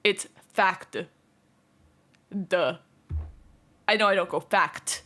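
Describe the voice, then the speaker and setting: Young female streamer, bright and fairly high voice, easygoing drawl, giggly, casual live-stream chat. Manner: fast-talking, giggly, self-conscious about her pronunciation.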